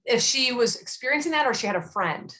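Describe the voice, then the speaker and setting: Middle-aged woman, conversational guest, lively storyteller who plays out the dialogue. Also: fairly high pitch, brisk. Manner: animated storyteller who acts out quotes. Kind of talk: casual chat.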